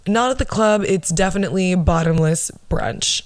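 A woman's voice: fairly low pitch, big pitch swings, moderate pace, creaky, few pauses, no echo. A young woman in her twenties telling a story on her podcast in a casual, sarcastic and blunt way, swearing freely. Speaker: podcast host.

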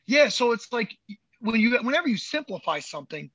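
A man's voice: extremely high pitch, big pitch swings, a little fast, a bit bright, husky, dry recording. A man who works as a movement coach, talking in a casual podcast chat, emphatic and profane and repeating words as he gets fired up.

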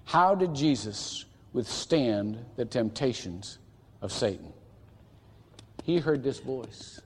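A man's voice: mid-range voice, lively intonation, slow pace, a little mellow. A man preaching a sermon as pastor, earnest and emphatic, with repeated phrases and restarts. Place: church sanctuary. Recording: church hall reverb.

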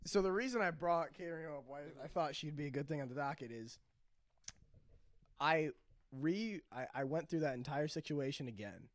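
A man co-hosting a podcast, joking crudely and breaking into loud bursts. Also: a little high, normal speed, no room sound. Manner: joking, loud bursts, puts on mock voices. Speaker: podcast co-host. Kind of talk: crude casual banter.

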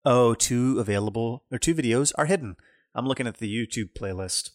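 A man's voice: mid-range voice, brisk, no echo, clean studio sound. A young man co-hosting a music podcast, telling stories in a rambling, casual way. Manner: animated, rambling storyteller. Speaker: podcast co-host. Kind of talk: casual chat.

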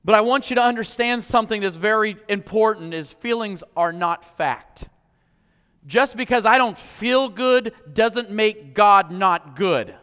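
A man preaching a sermon as pastor, impassioned, swinging from loud declarations to hushed, personal moments. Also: sits high, a little slow, clear, resonant tone. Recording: long hall reverb.

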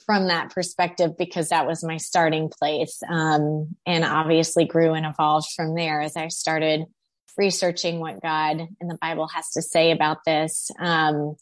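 A woman author and therapist, a guest answering interview questions in a thoughtful, measured way. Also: deep voice, little pitch movement, dry recording.

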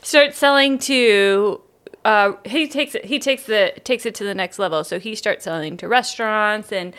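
A woman's voice: medium pitch, normal speed, fairly bright tone, smooth. A woman co-hosting a casual podcast, telling a story with frequent laughs and restarts. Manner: giggly, tells a story with many restarts. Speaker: podcast co-host. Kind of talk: casual chat.

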